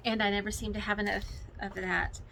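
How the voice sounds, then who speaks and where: A middle-aged woman gushes to her viewers in an excitable, filler-filled chat. Her voice is bright and clear, with a faint hum of home ambience behind her. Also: medium pitch, a little fast, low-quality recording. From Texas. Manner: gushing and excitable, many fillers. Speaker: cross-stitch vlogger. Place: home, with children and TV in the background.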